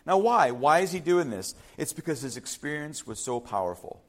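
High-pitched guy preaching a sermon, emphatic, keeps repeating himself and asking the room stuff. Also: big pitch swings, normal speed. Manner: emphatic, repeats key phrases, asks the congregation questions. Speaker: pastor.

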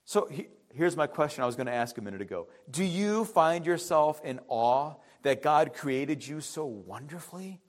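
A male pastor with a high voice delivers a conversational sermon. He slows down for emphasis, drops his voice for the quiet lines and acts out the quotes in between. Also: expressive. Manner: conversational preaching with dramatic pauses and acted quotes.

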